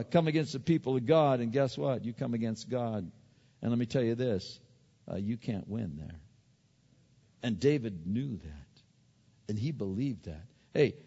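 A man's voice: lowish voice, creaky, a little mellow, husky. A man preaching a sermon in a casual, conversational way, with many fillers and restarts, who retells scenes with playful quoted voices. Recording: dull hall recording with long reverb.

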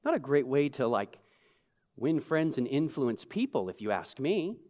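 A man preaching a sermon, animated, swinging between loud exclamation and hushed emphasis. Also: mid-range voice, moderate pace. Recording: long reverb of a large hall.

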